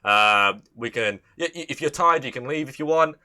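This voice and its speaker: A young man with an English Midlands accent talks loosely to his stream audience, his voice bright and forward. He rambles, swears freely and trips over restarts as he chats. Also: mid-range voice, expressive, moderate pace. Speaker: livestream host. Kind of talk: casual livestream chat.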